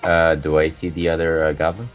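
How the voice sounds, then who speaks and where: Man with a very deep voice at a game table. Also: flat delivery, a little fast, muffled recording, soft background music. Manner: hesitant, laughs between moves. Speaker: player. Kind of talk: casual tabletop game chat.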